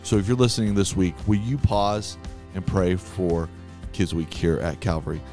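A man's voice: sits low, moderate pace, mellow, soft background music. A man hosting a church podcast in a studio booth, upbeat and laughing often in casual chat. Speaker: podcast host.

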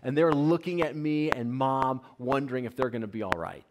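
A male pastor in his thirties preaches to a gathered congregation, telling stories and asking the room direct questions. His voice sits at an everyday middle pitch. The live church recording carries clear background noise. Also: a little fast. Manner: prays softly, then preaches with lively storytelling and questions to the room. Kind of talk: sermon.

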